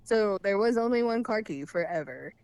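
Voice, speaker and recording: A young woman calling in to tell a personal story in a candid, rambling way, with quick laughs between phrases. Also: mid-range voice, lively intonation, a little mellow, clear, resonant tone. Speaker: caller sharing her story.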